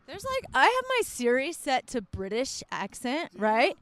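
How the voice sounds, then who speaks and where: Woman, co-host, high voice, casual joking chat, dry close mic. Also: wildly swooping pitch, measured pace, fairly bright tone, no echo. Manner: chatty, joking.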